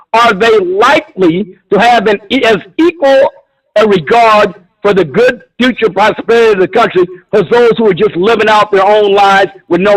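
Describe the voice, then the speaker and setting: A man's voice: sits high, rough recording. A man calling in to a talk show, arguing bluntly and combatively with frequent swearing. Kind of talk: heated call-in argument.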